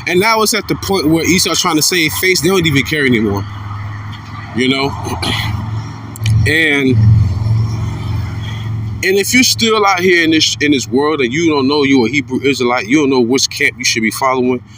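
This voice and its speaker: A man giving an informal religious commentary monologue. He is blunt and profane, repeats himself, and swings between fired-up outbursts and low muttering. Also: lively intonation, moderate pace, long pauses, recorded from a distance, noisy background.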